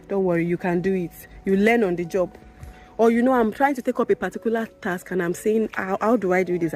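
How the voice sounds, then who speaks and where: A young woman, a midwife, talking candidly to camera in a vlog, emphatic and repeating her points. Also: a little mellow. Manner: emphatic, repeats phrases, rises in pitch when indignant. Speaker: midwife vlogger.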